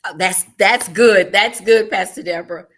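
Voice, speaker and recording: A middle-aged woman hosting a live online church talk show, telling stories in a lively, animated way. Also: mid-range voice, normal speed. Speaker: ministry host.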